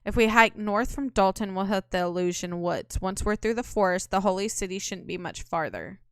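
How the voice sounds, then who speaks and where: A woman's voice: mid-range voice, lively intonation, moderate pace, clean tone, dry recording, studio quality, natural voice. A woman reading a cocky, slangy young rogue. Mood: breezy. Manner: breezy, slangy. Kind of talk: reading game dialogue aloud.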